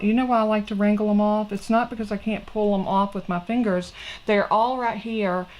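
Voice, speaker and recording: Middle-aged lady walking you through a craft, chatty and folksy, bit of gravel in her voice, faint hiss behind. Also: mid-range voice, a little mellow, rough recording. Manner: chatty, folksy, talks to viewers directly. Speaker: crafting channel host. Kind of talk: casual craft tutorial.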